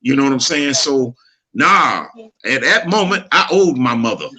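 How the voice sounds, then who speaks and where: Bright-voiced earnest middle-aged man. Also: mid-range voice, expressive, normal speed. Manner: earnest, preachy, laughs easily. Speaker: podcast co-host. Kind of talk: casual chat, storytelling.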